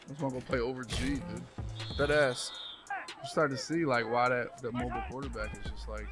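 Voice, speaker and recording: A man's voice: medium pitch, fairly even intonation, fairly quick, music in the background. A young man streaming a football video game, swearing and venting his frustration at the game as he plays. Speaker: gaming streamer. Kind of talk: live gameplay commentary.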